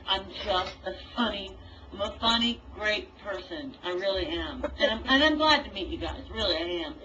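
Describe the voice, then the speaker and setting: In an online voice chat, a woman delivers a heated, profane rant, lecturing as she goes. Her mid-range voice is expressive, bright and forceful at normal speed. Her computer mic yields distant, dull lo-fi audio with a faint hiss.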